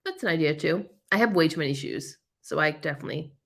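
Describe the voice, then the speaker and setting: Coughing, eyes streaming, this woman keeps her reseller livestream going anyway, reading viewer comments in a deep voice with vocal fry. Her delivery is quick and full of lively rises and falls, broken up by frequent laughter and ums.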